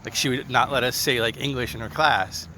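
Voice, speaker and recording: A man's voice: medium pitch, steady tone, fairly quick, pushed and bright, a little hiss or hum. A middle-aged man from Maine hosting a podcast in casual chat, laughing often at his own jokes. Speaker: podcast host.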